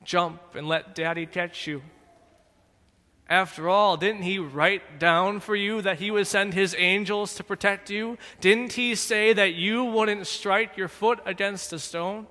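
A man's voice: high voice, steady tone, a little slow, bright, forceful tone, long reverb tail. A man voicing a scheming, mocking male serpent who tempts with a wheedling, taunting manner.

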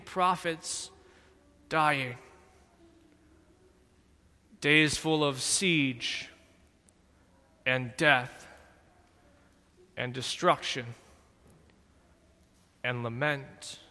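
A man giving dramatic scripted narration in a slow, deliberate, solemn manner. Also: a little high, bright, forceful tone, big-room sound.

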